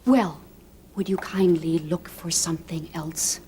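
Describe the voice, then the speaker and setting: Strict hospital senior, reproachful, proper, TV drama. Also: female voice, deep voice, steady tone, measured pace, dark tone, husky, heavily acted. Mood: stern. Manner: stern and reproachful. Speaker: senior hospital staff member. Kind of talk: daytime TV drama acting.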